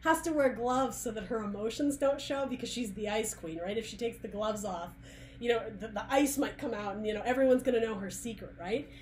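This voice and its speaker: Female tarot reader, casual rambling delivery, a bit high-pitched, faint hiss behind. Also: a little fast. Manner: chatty and searching, many restarts and asides. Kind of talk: casual tarot reading monologue.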